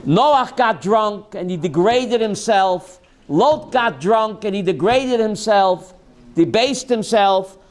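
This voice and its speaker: A man teaching a Torah class as a rabbi, mixing jokes with questions to his students. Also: high-pitched. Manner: joking, calls on students by name, asks the class questions.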